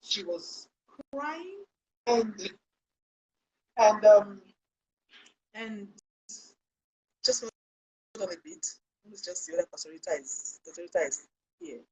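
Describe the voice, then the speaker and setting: A woman hosting a Christian health talk show, speaking in a lively, sermon-like way with loud bursts for emphasis. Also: medium pitch, slow pace, long pauses, poor audio. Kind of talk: live online talk show, preachy storytelling.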